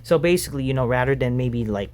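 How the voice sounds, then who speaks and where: A man's voice: mid-range voice, quick pace, darkish tone, a little hiss or hum. A man reviewing a wrestling show in an angry, profane rant, sighing with exasperation between points. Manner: profane, exasperated, frequent sighs.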